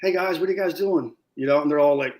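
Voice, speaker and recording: A man telling war stories in a casual interview, animated, acting out what people said and swearing freely. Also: a little high, quick pace. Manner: animated storyteller, acts out quotes loudly, swears. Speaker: guest, former Marine scout sniper.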